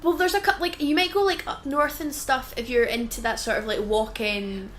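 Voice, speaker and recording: A young Scottish woman with a fairly high voice talks casually on a podcast. She laughs easily and swears freely. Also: steady tone, normal speed, a bit bright, a little hiss or hum. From Scotland. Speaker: podcast co-host. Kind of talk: casual chat.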